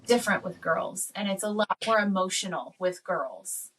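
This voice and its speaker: A woman's voice: mid-range voice, normal speed, a bit bright, far from the mic. A woman co-hosting a podcast, chatting casually, agreeing often and telling family stories. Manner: agreeable, storytelling with acted quotes. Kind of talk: casual chat.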